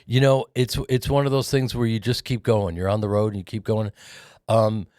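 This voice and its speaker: A man in his fifties, a guest actor and comedian, telling animated showbiz stories in a radio studio on a studio mic. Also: fairly low pitch, moderate pace, no room sound. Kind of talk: animated storytelling. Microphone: studio microphone.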